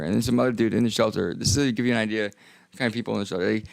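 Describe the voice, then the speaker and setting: A man's voice: fairly low pitch, racing, vocal fry, no room sound. A young man streaming, rambling and joking in casual talk that trails off into mumbles.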